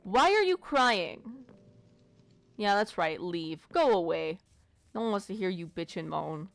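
A woman's voice: on the low side, animated, a little slow, vocal fry, no echo. A woman casually commentating her gameplay, playful and foul-mouthed, chatting to the animals she meets. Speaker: let's play gamer.

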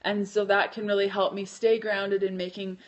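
A woman's voice: medium pitch, flat delivery, moderate pace, dull audio. Chatty woman on a live stream. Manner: chatty, many fillers, self-correcting. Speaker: podcast host and keto blogger. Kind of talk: casual live-stream talk.

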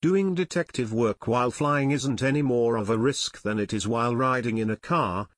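A man's voice: mid-range voice, normal speed, no room sound, clean studio sound, natural voice. A man reading a reassuring detective father.

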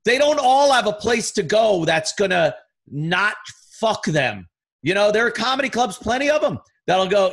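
A middle-aged man with a slightly raised pitch talks in a blunt, profane, animated way. He rants loosely and retells scenes with energy, as a guest on a casual podcast. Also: moderate pace, gravelly. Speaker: podcast guest, radio host.

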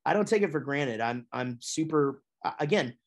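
Chatty, animated middle-aged man. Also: moderate pace. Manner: chatty and animated, with big pitch swings when telling stories. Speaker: guest, musician and voice actor. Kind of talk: casual interview chat.

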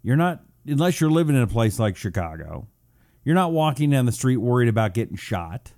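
A man's voice: mid-range voice, sing-song, fairly quick, darkish tone, no echo, clean studio sound. A man from Washington State hosting a talk show, chatting loosely, greeting listeners and drawing out words for effect. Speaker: radio talk show host. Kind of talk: casual talk show monologue, reading out audience messages.

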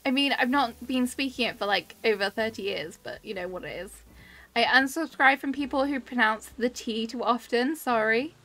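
A woman's voice: on the high side, moderate pace, bright, forceful tone. A British woman in her thirties chatting casually on a live stream, laughing often and reading chat comments aloud.

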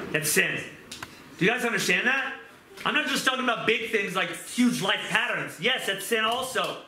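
High-voiced man preaching in an echoey room. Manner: earnest, conversational preaching with quick asides. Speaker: pastor. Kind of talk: sermon. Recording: echoey room with background noise.

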